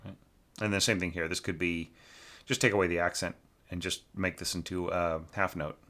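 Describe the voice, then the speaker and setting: A man with a low, steady, fairly bright voice talks at normal speed while reviewing a student's orchestration. He's casual about it, using lots of fillers and tag questions, and hums and scats lines to show phrasing.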